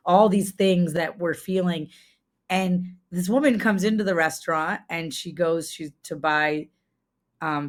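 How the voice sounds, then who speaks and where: Woman, low-pitched, earnest guest, chatty storytelling full of restarts, voice lifts when moved. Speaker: guest, farmer and former restaurateur. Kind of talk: emotional conversational storytelling.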